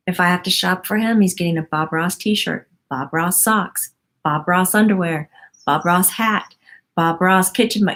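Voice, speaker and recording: A woman in her forties hosts a live stream, reading her viewers' comments aloud at an unhurried pace. She is effusive and full of wonder, and laughs often as she chats. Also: on the low side, a bit bright. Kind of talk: casual live-stream chat.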